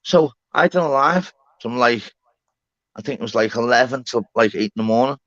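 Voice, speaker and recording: A man telling a story on a live panel, excitable and sweary, acting out both sides of the conversation. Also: medium pitch, moderate pace, no room sound. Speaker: streamer. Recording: slightly dull lo-fi call audio.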